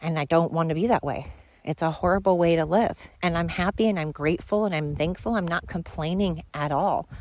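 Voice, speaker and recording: A middle-aged woman hosts her own podcast and talks off the cuff. Her voice sits a little low for a woman, and the sound is dry, with no room echo. She rambles, speaks frankly, and swears easily as she walks outside with her dogs. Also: brisk, darkish tone. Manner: rambling, candid and profane. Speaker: podcast host. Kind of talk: casual monologue. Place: outdoors walking with dogs.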